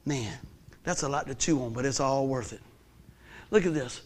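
A man preaching a sermon in a folksy, conversational way, swinging from hushed lines to shouts. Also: medium pitch, moderate pace, pauses often.

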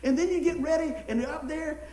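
A man, a pastor telling folksy, animated stories in a sermon and acting out the people in them. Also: very high-pitched, quick pace. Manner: folksy, animated storytelling with acted-out quotes and laughter. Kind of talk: storytelling sermon. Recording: echoey room.

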